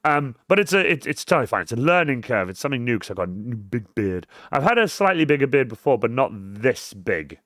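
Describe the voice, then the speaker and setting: A man hosting a cosplay live stream, rambling and swearing freely, swinging between mumbles and loud outbursts. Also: mid-range voice, big pitch swings, a little fast, few pauses, dry recording, studio quality. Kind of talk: casual live-stream chat.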